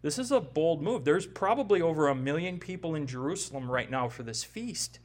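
Speaking a little fast in an animated, slightly high voice, this man in his forties preaches an expository sermon. He keeps it conversational and emphatic as a pastor, regularly adding "right?" to check in with the congregation.

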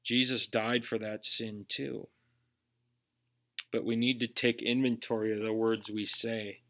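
A man's voice: fairly low pitch, little pitch movement, measured pace, a bit bright. A man with a Minnesotan accent, preaching a sermon earnestly, with emphatic rhetorical questions. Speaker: pastor.

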